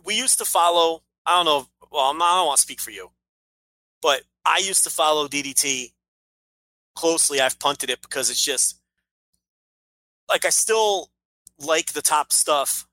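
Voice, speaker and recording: A man's voice: fairly high pitch, normal speed, pauses often, sharp tone, poor audio. A man co-hosting a casual podcast, opinionated and ranting, swearing freely as he makes his case. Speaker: podcast co-host.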